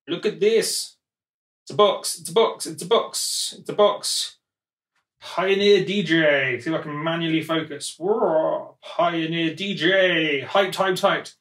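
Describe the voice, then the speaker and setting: A man vlogs from his home music studio, rambling, joking and mocking himself as he unpacks and handles gear, talking to the camera and to himself. His voice is a little high and a bit bright. He is far from the mic in an echoey room and often drifts off-mic.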